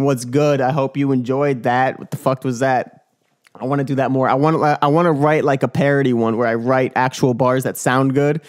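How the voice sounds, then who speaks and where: A young man hosting his own dunk podcast, talking casually in a hyped, joking, swearing bro manner. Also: mid-range voice. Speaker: dunk vlogger and podcast host. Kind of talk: casual rambling podcast monologue.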